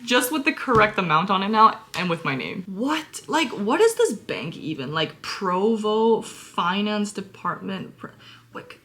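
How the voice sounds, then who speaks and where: A young woman in her twenties telling a casual storytime vlog, animated and exasperated, swearing often and dropping into whispered asides. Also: medium pitch, measured pace.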